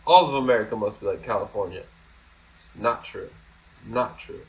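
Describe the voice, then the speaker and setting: A man's voice: lowish voice, normal speed, rough recording. A man hosting a casual commentary video, reading out news articles and reacting bluntly and sarcastically, with plenty of swearing. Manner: blunt, sarcastic and profane, with frequent restarts. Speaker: commentary vlog host.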